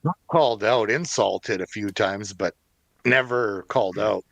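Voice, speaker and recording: Slow, rambling man, dry sound. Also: lowish voice, vocal fry, no echo. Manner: rambling, hesitant with fillers. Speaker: podcast co-host. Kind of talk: casual podcast chat.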